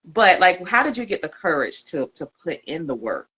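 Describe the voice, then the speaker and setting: A woman's voice: lowish voice, very animated, moderate pace, fairly bright tone, slightly rough, highs cut off. A woman hosting a podcast, responding to her guest in an affirming, emotional way. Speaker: podcast host. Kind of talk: conversational interview.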